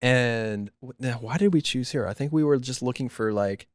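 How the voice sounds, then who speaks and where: A man's voice: mid-range voice, normal speed, no room sound. A man co-hosting a podcast in casual chat, telling stories and acting out what people said. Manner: storytelling with lots of acted-out quotes. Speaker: podcast co-host.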